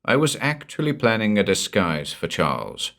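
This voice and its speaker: A man with a deep, low-pitched voice reads a horror tale aloud. His storytelling is measured and unhurried, with dramatic pauses between phrases. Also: very animated, vocal fry, fairly bright tone. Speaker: narrator. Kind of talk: scripted horror audiobook narration.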